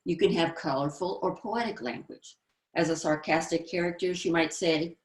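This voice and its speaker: Female presenter, deep register, explanatory lecture delivery, echoey room sound. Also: moderate pace. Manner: explanatory, reads out example lines. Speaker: screenwriting presenter. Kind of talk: instructional presentation.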